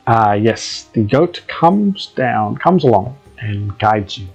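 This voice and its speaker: A man's voice: on the low side, big pitch swings, takes it slowly, gravelly, hardly any pauses, slightly rough, muffled recording, faint music behind. A man running a live tabletop game, narrating scenes hesitantly with many ums and restarts. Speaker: game master.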